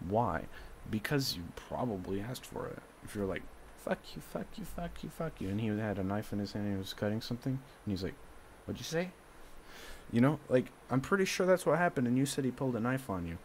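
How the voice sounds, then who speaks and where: A man's voice: lowish voice, lively intonation, fast talker, a little hiss or hum. A young man in an emotional monologue to his mother, confrontational and rambling, with many fillers.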